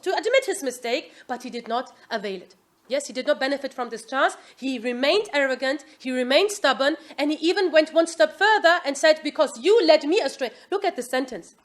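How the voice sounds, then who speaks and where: High-voiced woman teaching an Islamic class. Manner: asks the class "Yes?" often, lively quoting. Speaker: religious teacher.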